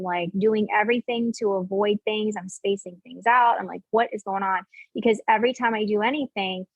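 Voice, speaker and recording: A woman in her forties telling her personal story as a podcast guest, casual and animated, acting out what others said and filling her speech with "like.". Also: mid-range voice, no echo, muffled recording. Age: 40s. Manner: animated, acts out quoted dialogue, many "like" fillers.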